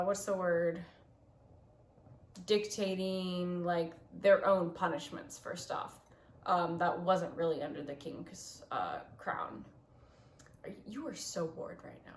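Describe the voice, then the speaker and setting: A young woman hosting a casual, tipsy home-made history retelling, rambling and often losing her place with lots of fillers. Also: lowish voice. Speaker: host. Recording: echoey room.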